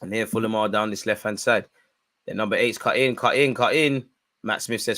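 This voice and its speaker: A young man hosting a football watch-along, commenting live and shouting at the referee. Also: fast. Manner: animated, shouts at the referee, spikes in pitch and volume.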